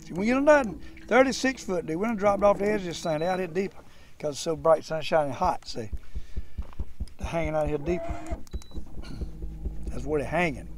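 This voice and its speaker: An older man giving folksy, excited fishing commentary from a boat on a lake. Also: fairly high pitch, brisk, pauses often, a little hiss or hum. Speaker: fishing channel host.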